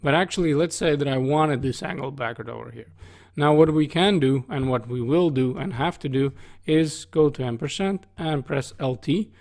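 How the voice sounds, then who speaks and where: A man's voice: medium pitch, normal speed, gravelly, darkish tone. A man teaching coding over a screen recording, talking casually and asking "right?" after nearly every phrase. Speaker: coding instructor. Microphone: studio desk microphone.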